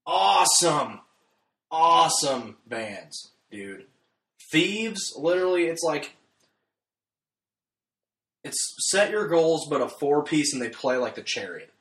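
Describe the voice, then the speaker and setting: A man's voice: fairly high pitch, big pitch swings, slow, pauses often. Laid-back man in an echoey room. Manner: laid-back, rambling, frequent "like" and "dude". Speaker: podcast co-host. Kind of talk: casual chat. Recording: echoey room with faint noise.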